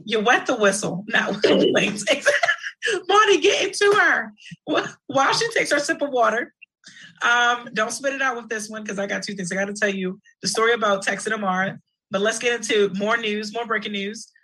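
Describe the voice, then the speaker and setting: A woman co-hosting a casual chat show, chatty and quick to laugh as she tells stories. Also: a little high, sharp tone, poor audio. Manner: chatty, storytelling, laughs easily. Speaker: co-host.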